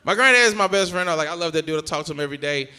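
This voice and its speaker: Young man, stand-up comic, high bright voice, animated storytelling. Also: very fast, clear, resonant tone. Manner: animated storytelling, acting out family members. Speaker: stand-up comedian. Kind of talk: stand-up set.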